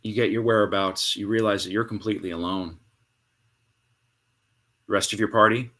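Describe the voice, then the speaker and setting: A man narrating a tabletop game as game master, with dramatic storytelling and hushed pauses. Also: fairly low pitch, steady tone.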